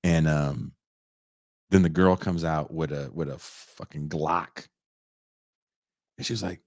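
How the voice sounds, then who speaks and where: A man in his forties, a podcast host, retelling a movie in casual chat with animated, profane storytelling. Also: very deep voice, normal speed, no echo, clean studio sound. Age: 40s. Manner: animated, profane storytelling that acts out quoted lines.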